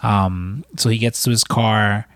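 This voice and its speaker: A man's voice: on the low side, steady tone, unhurried, fairly bright tone, dry recording. A man recapping a film in casual, rambling talk, full of fillers and swearing. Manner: rambling, profane, lots of fillers. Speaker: podcast co-host.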